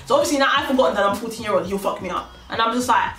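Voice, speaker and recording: A young woman vlogger tells a story in casual slang, acting out both sides, her voice a little high, bright, and rapid-fire. The room is echoey, the mic sits at a distance, and faint music plays.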